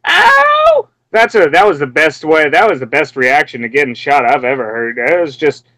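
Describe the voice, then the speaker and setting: A young man from Memphis ranting in a casual, profane way, breaking into high mocking yelps as he acts out what he heard. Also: brisk, fairly bright tone, no echo, rough recording. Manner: heated, profane, mimics screams in sudden high yelps.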